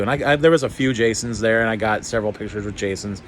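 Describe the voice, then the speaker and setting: A man chatting casually in a vlog, rambling and excitable, with lots of fillers and some swearing. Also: on the low side, quick pace, slight background noise. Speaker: YouTuber.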